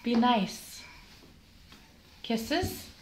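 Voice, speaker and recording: A woman's voice: fairly high pitch, big pitch swings, very slow, noisy background. Sing-song mother talking baby talk. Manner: sing-song, coaxing, exaggerated. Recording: roomy echo.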